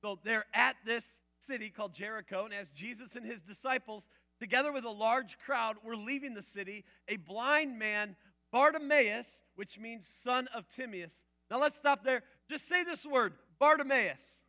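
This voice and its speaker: A male preacher with a high, bright, ringing voice delivers a sermon. He keeps it chatty, throwing questions at the listeners, then drops to quiet asides before building to loud, emphatic bursts. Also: moderate pace. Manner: conversational, asks the audience questions.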